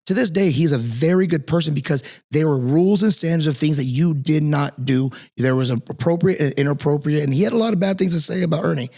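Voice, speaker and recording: A man's voice: a little high, fast, vocal fry, few pauses, a little mellow. A man hosting a casual interview podcast, talking earnestly and rambling with many restarts and fillers. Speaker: podcast host and martial arts instructor.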